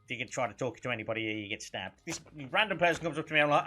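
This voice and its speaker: A man in his thirties with a Black Country accent, hosting a casual talk show and telling animated stories. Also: on the high side, very fast, hardly any pauses, music in the background. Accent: Black Country English. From Black Country, West Midlands, England. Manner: animated storyteller, mimics accents. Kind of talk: casual chat.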